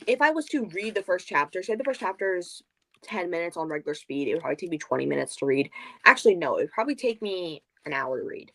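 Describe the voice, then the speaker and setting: A woman with a fairly low voice chats casually on a book club livestream over a video call. She talks in animated, rambling bursts and wanders off track. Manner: animated, rambling, goes off on tangents.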